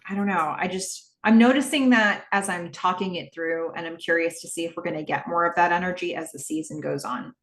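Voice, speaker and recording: Chatty female podcast host recapping a TV episode, musing aloud; echoey room. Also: fairly low pitch. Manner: chatty, thinking aloud with frequent fillers. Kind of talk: rewatch podcast recap and commentary.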